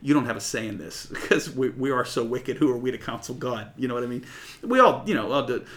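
A man's voice: mid-range voice, animated, brisk, fairly bright tone. A man teaching a sermon in a conversational way, reading verses aloud and explaining them with frequent fillers. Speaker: preacher.

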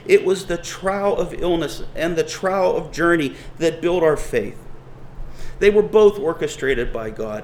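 A man's voice: on the high side, darkish tone, a little hiss or hum, rough recording. A man preaching a sermon, earnest and building emphasis as he reads scripture.

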